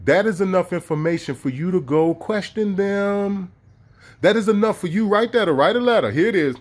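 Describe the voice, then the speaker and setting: An irate man, reading legal text aloud and ranting profanely, repeating his points with heavy emphasis. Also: a little high. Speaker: online video host.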